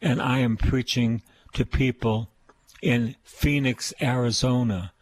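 Older boston guy preaching on the radio, slow, husky, keeps repeating himself for emphasis. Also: mid-range voice, fairly even intonation, dry recording. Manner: repetitive, emphatic preaching with call-and-response praise. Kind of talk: sermon.

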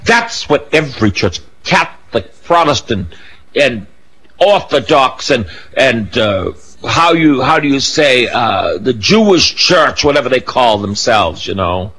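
An older man preaching a sermon, emphatic and rising to loud peaks, with casual asides and self-corrections. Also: mid-range voice, sing-song, a little slow, husky, low-quality recording.

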